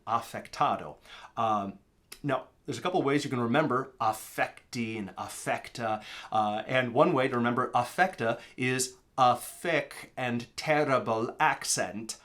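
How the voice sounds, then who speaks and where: An American man from Minnesota with a mid-range, slightly bright voice gives a casual language lesson. As a teacher, he is chatty and rambling, full of fillers and digressions.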